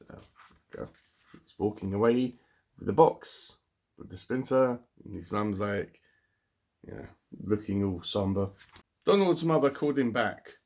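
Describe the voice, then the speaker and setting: A man's voice: lowish voice, expressive, unhurried, gravelly, pauses often, darkish tone. A man casually reading a children's picture book aloud, breaking off for chatty, wry asides. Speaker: book reviewer.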